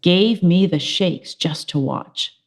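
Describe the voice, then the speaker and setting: A woman's voice: fairly low pitch, slow. Woman reading a children's chapter book aloud. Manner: expressive storytelling with character voices.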